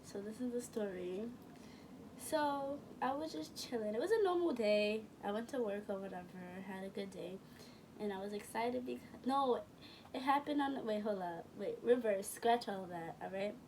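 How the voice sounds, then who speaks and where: A young woman vlogger with a medium-pitched, darkish voice tells a casual story at a moderate pace, animated and heavy on slang. She rambles and corrects herself along the way. She's recorded from a distance, with faint room noise in the background.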